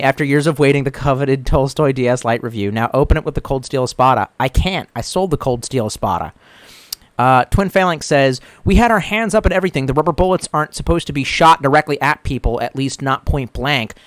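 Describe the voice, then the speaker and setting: Brisk and medium-pitched with no room sound, a man chats casually on his live stream. He reads comments from viewers, swears a lot, meanders, and imitates voices when retelling jokes.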